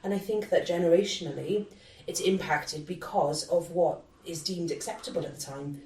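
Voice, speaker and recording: A woman's voice: fairly low pitch, moderate pace, warm tone. UK woman in her thirties on a podcast panel, reflective, distant roomy sound. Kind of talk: casual panel discussion.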